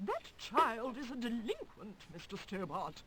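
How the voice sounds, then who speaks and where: A woman's voice: fairly high pitch, wildly swooping pitch, unhurried, heavy background noise. A woman voicing a prim, haughty elderly woman in a video game, speaking with scorn. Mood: disdainful. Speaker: game character.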